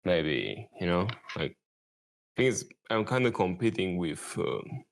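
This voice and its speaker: Deep voiced young dude just rambling, laid back vlog talk, drops swears. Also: male voice, very animated, takes it slowly, vocal fry. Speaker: YouTuber.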